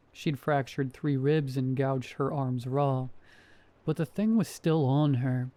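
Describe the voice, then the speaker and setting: A man reads first-person horror stories aloud in a steady, measured way. His voice is mellow and soft-edged, sitting at an ordinary male pitch. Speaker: horror story narrator. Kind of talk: scripted horror story narration.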